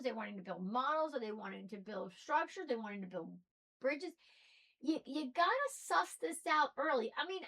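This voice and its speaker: A high-pitched woman with a mixed Southern and Northern American accent delivers a preachy rant to camera. Her volume lurches from near-shouted outbursts to quiet, dropped asides. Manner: ranting, preachy, swings between loud and soft. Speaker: spiritual video host. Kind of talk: impassioned monologue.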